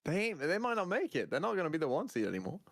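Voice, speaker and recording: A man chatting casually on a stream, animated and joking as he talks about esports matches. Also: a little high, rapid-fire, dry recording, clean studio sound. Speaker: co-streamer guest. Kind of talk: casual chat.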